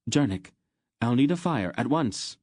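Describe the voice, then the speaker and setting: A man voicing a stern woman healer-sorceress who gives brisk, sharp orders in a raised voice. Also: mid-range voice, expressive, no room sound, studio quality, pitched above the performer's own voice. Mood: commanding.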